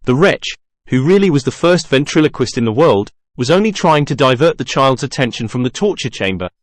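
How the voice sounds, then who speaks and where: Male narrator reading a novel, dramatic, with a lively pitch and a dry, close sound. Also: fairly quick, no echo. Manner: dramatic, expressive. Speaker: audiobook reader.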